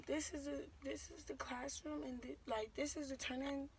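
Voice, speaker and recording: A young woman telling a story on her vlog, slangy and rambling, getting loud and heated as she goes. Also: high voice, moderate pace. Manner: animated and loud, builds to shouting in quoted exchanges. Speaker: vlogger.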